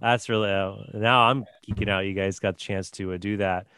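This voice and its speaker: A man's voice: fairly low pitch, fairly even intonation, sharp tone, clean tone, no room sound. Rambling, enthusiastic man on a dry mic. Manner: fast, rambling talk full of fillers and restarts; enthusiastic comic-book fan. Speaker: podcast guest. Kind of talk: casual podcast chat.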